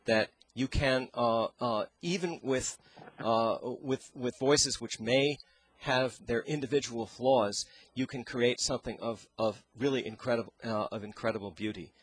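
A man teaching singing as an interview guest, talking in a halting way and searching for his words into a handheld microphone. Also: medium pitch, husky, no echo. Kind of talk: explaining with sung demonstrations.

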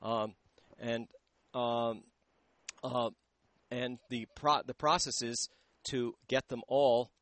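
A man who teaches voice talks through singing technique on the radio, holding a handheld mic and frequently stopping to find the right words. He speaks in a mid-range voice with a level tone.

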